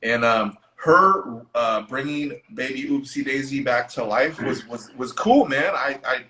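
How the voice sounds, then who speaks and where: Brief: male co-host, casual movie chat, bright tone, animated and profane. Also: mid-range voice, measured pace, poor audio. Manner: excitable, laughing, swears freely. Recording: online live stream.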